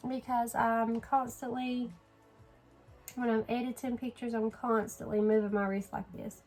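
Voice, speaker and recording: Sleepy chatty woman with a gravelly voice. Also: a little high, darkish tone, rough recording. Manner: chatty, yawning, apologetic, laughs often. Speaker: beauty vlogger. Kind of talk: casual makeup tutorial chat.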